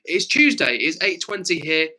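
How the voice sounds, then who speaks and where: A young man from England runs a live stream, reading chat aloud and chatting amiably with viewers despite a frog in his throat. His delivery is sing-song and brisk, his voice on the high side, pushed and bright, and the audio is poor.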